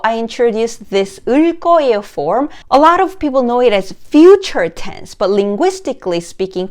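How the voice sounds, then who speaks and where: A woman teaching a grammar lesson, explaining slowly in English and reading example sentences quickly. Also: on the high side, smooth. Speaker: Korean language teacher.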